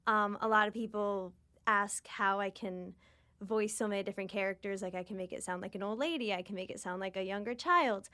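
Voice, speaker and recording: A woman's voice: medium pitch, fairly quick, sharp tone, clean tone. A woman voice actor chatting in a bubbly way, laughing often. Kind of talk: casual chat.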